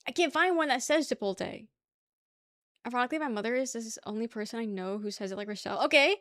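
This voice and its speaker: A woman's voice: on the high side, fast, a bit bright, no echo, clean studio sound. A woman chatting casually with her live-stream chat, laughing often and arguing playfully. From New York.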